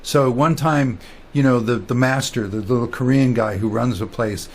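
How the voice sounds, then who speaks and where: A man's voice: mid-range voice, moderate pace. A man giving a casual spiritual talk, rambling with many fillers and restarts as he tells stories. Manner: storytelling, quoting others in quiet voices. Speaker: spiritual teacher.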